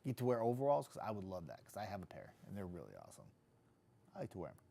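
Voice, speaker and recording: A man's voice: on the low side, huge pitch swings, racing, creaky, dark tone. A middle-aged man, a TV weatherman hosting a casual live stream, chatting loosely with viewers and reading out their comments. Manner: chatty, loose, jokey, with frequent restarts.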